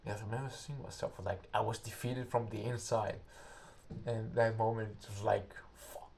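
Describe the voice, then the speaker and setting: A man's voice: on the low side, little pitch movement, vocal fry. A young man, an English speaker, telling a story casually and rambling, searching for words. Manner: rambling, halting, searches for words, acts out quotes loudly.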